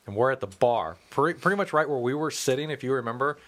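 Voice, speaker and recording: Brief: thirties male co-host, profane storyteller, laughs through his stories, mid-pitched voice. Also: lively intonation, fast talker, fairly bright tone. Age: 30s. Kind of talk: casual storytelling chat.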